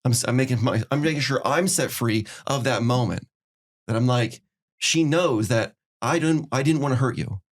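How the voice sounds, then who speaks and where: A man's voice: medium pitch, moderate pace. A middle-aged man hosting a podcast, giving earnest relationship advice in casual chat and acting out small dialogues. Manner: earnest, acts out little dialogues. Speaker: podcast host.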